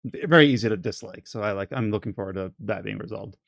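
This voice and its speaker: A man's voice: on the low side, fast talker, gravelly, fairly bright tone, dry recording. A man hosting a casual podcast, talking in a rambling way with many restarts as he steers the conversation. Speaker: podcast host.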